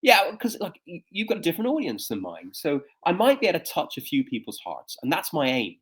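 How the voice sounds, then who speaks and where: A man's voice: fairly high pitch, a little fast, husky. A man in his fifties, a coach and speaker, telling personal stories in an interview with frequent fillers and restarts. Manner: animated storyteller with frequent fillers. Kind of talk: conversational interview storytelling.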